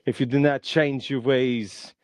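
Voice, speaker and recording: A man voicing a gruff male action-star ghost of Christmas future in a stern, lecturing way. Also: mid-range voice, steady tone, unhurried, no echo, clean studio sound, close to an everyday voice.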